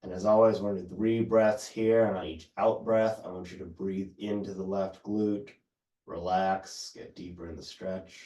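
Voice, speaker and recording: Guy teaching yoga real slow, lowish voice, kinda far off from the mic in an echoey room. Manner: calm, unhurried cues with breathing prompts. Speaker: yoga instructor. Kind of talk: guided yoga class instruction.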